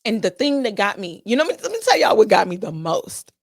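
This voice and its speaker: A woman's voice: medium pitch, sing-song, fast talker, few pauses, no echo, clean studio sound. A woman hosting a casual solo podcast, talking animatedly and sassily to her listeners, firing off emphatic rhetorical questions. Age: adult with children. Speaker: podcast host.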